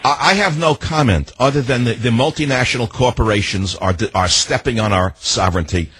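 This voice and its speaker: A man's voice: mid-range voice, fairly quick, fairly bright tone, slight background noise. An older man hosting a call-in radio talk show, ranting indignantly and firing off emphatic rhetorical questions.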